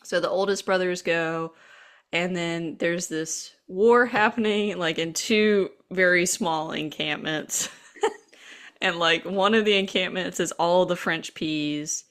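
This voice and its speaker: A young adult woman co-hosting a podcast, chatting casually as she recaps a cartoon and acts out bits of dialogue in quick put-on voices. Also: fairly low pitch. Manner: animated storyteller, acts out lines in quick voices. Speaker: podcast co-host.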